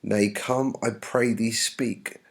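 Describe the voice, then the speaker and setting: A man's voice: on the low side, steady tone, takes it slowly, vocal fry, slightly rough, heavily acted. A man reading the lines of an impatient young girl in love, pleading and insistent.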